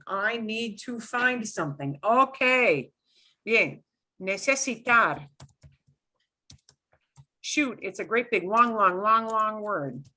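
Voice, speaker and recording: A woman's voice: a little high, sharp tone. A middle-aged woman teaching a beginner Spanish lesson online, explaining rules step by step with playful exclamations.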